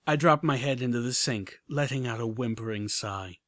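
A man reading a story aloud as an audiobook narrator, measured and even. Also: mid-range voice, no room sound. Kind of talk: scripted narration.

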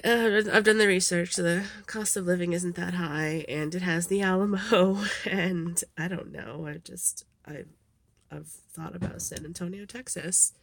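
A woman's voice: fairly low pitch, steady tone, unhurried, vocal fry. A woman doing a casual questionnaire vlog, rambling with lots of ums and giggles, a little sniffly. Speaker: vlogger.

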